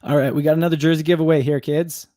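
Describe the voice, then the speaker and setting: A man's voice: on the high side, steady tone, very fast, dark tone, dry recording, studio quality. A man hosting a podcast, chatting casually about a game and running a giveaway, laughing easily and turning upbeat when he announces prizes. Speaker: podcast host. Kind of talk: casual sports chat, watch-party giveaway.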